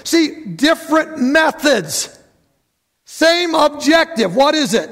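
A man preaching a lively sermon to his church, who acts out the voices of bible figures and calls out to the congregation. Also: very high-pitched, slow, vocal fry. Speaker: pastor.

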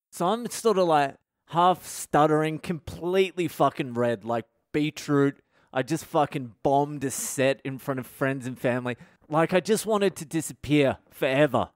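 A man's voice: on the high side, dry recording, clean studio sound. A man, a comedian and podcast host, telling a self-deprecating story with lots of swearing. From Australia.

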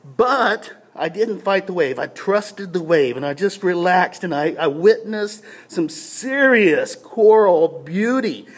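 A man's voice: high-pitched, lively intonation, slow, few pauses, slightly rough. A man giving a short devotional talk, telling a personal story in a casual, self-deprecating way with many restarts before drawing a faith lesson. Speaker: pastor.

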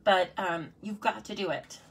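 A woman's voice: medium pitch, normal speed, vocal fry, very noisy. A woman demonstrating card-making in a casual live tutorial, chatty and playful, talking to herself and her viewers. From United States.

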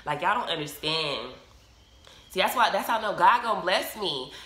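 A woman vlogger telling a personal story in a casual, animated way and acting out what people said. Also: lowish voice, normal speed. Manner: animated, emotional, acts out quoted dialogue. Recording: roomy echo.

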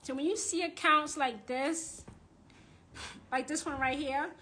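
A woman who calls herself a high priestess, ranting angrily and bluntly on a live stream and often repeating herself. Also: measured pace, bright, forceful tone, a little hiss or hum. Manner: angry, blunt and repetitive, with cursing. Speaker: self-described high priestess and witch. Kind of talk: live-streamed rant to followers. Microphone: phone or camera on a live social stream.

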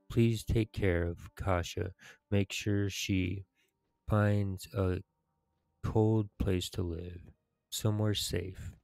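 A man voicing a dying, grateful male orc soldier in a game quest, speaking haltingly with stammers. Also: low voice, vocal fry, darkish tone, no room sound, exaggerated voice.

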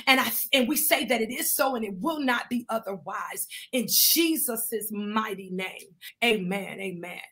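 A woman leading prophetic intercessory prayer, fervent, punctuating each phrase with "Father" or "God", swelling into shouts and speaking in tongues. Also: a little high, a little slow.

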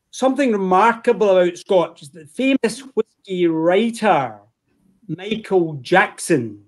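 A Scottish man with a Glasgow accent, hosting an online whisky tasting in a chatty, joking way. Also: high voice. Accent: Glaswegian. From Scotland. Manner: chatty, jokey, addresses the audience as folks. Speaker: host.

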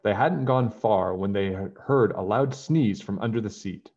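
A man reading a children's picture book aloud in a friendly, animated way. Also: lowish voice, measured pace, husky. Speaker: storybook reader. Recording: dull lo-fi home recording.

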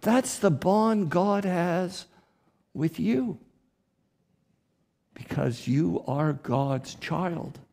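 Male priest preaching in church, very unhurried and deliberate delivery, emphatic lifts. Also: sits high, expressive, vocal fry, a little mellow. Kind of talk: sermon.

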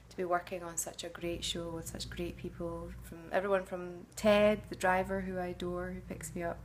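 A woman's voice: on the low side, flat delivery, moderate pace, a little hiss or hum. A middle-aged woman, an actress answering fan questions in a casual, chatty way, musing and often hesitating.

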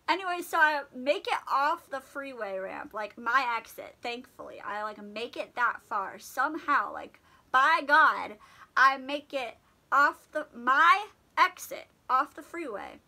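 Bright-voiced young woman telling a story. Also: high voice, measured pace, poor audio. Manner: chatty, filler-heavy, animated retelling. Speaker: vlogger. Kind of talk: casual storytime.

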